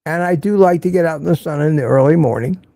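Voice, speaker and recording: Speaking quickly with vocal fry, this older man has a dark tone in a voice on the high side, captured without room sound. On his casual livestream he reads out viewer comments and fires back blunt opinions, often repeated for emphasis.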